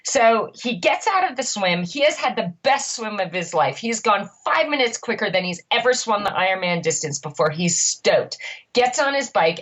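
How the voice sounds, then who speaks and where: A middle-aged woman, a triathlon coach co-hosting a podcast, telling a story in an animated, emphatic way. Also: mid-range voice, low-quality recording.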